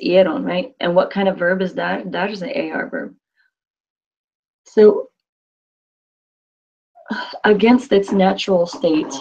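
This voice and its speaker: A woman teaching a Spanish class, reading phrases slowly and translating them with patient explanations. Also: on the low side, vocal fry, darkish tone. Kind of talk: classroom instruction. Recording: dull lo-fi classroom recording.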